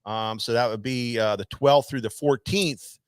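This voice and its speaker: A man's voice: mid-range voice, normal speed, smooth, no room sound, clean studio sound. A man hosting a live fishing tackle show, calling out viewers by name with lots of energy and loose filler words. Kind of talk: casual live-stream hosting.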